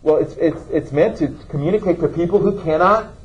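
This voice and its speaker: Male teacher, questioning style, somewhat high voice, lo-fi classroom recording. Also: a little fast. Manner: questioning, checks in with "okay?". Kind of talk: classroom lecture.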